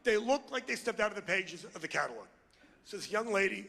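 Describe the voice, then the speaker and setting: A man's voice: high voice, expressive, a little fast, vocal fry, sharp tone, in a large hall. A middle-aged man doing a stand-up routine, ranting and insulting the crowd in a brash manner on a club stage. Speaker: stand-up comedian. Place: comedy club before a live crowd.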